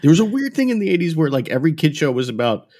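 Wry man with a husky voice. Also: fairly high pitch, very animated, very fast, warm tone. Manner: wry, rambling, laughs easily. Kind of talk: casual chat.

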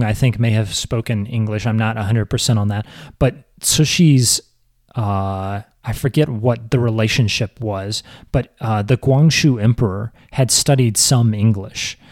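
A man's voice: medium pitch, gravelly, a little mellow, dry recording. Hesitant man explaining history, very dry sound. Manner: halting, many restarts, explaining history. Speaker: podcast host. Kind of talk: casual chat.

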